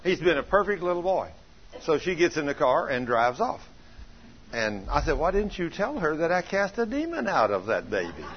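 A man's voice: a little high, sing-song, normal speed, husky. A man, preaching and telling a story, acting out each person's words in folksy talk. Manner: folksy, plays out dialogue in changing voices. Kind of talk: sermon storytelling. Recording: dull lo-fi recording.

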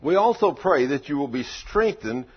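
Husky, animated folksy preacher. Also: male voice, on the high side, normal speed. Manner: folksy storytelling, rhetorical questions. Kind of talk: sermon. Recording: lo-fi dull recording.

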